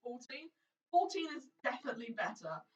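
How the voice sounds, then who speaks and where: A woman narrating a tabletop game as dungeon master in a casual, lively way. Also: high voice, fairly quick. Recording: distant muffled room recording.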